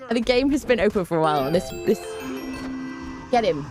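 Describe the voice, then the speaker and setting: A woman's voice: mid-range voice, expressive, very fast, over music. A young woman streaming a game, chatting casually with viewers, greeting them by name with plenty of fillers. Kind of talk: casual live-stream chat.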